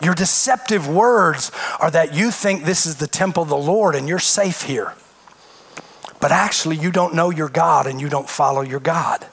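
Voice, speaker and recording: A man's voice: a little high, moderate pace, fairly bright tone, slightly rough. A man preaching a sermon, reading scripture and firing off emphatic rhetorical questions. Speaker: pastor.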